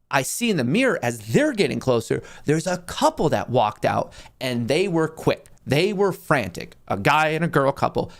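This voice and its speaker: Animated young man telling a story. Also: medium pitch, creaky. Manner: animated, acts out the people in his story. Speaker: show host. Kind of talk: casual storytelling.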